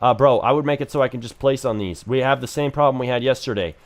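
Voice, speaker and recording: A man's voice: mid-range voice, quick pace. Joking male game-review streamer. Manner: blunt, joking critique. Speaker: live streamer reviewing games. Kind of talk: casual live-stream commentary.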